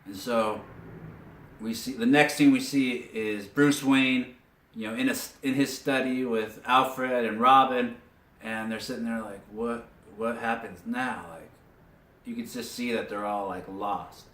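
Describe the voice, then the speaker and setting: A man giving a casual spoken recap of a cartoon episode, telling it as an animated story with lots of filler words. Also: mid-range voice, a little slow, slight background noise. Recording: roomy echo, distant from mic.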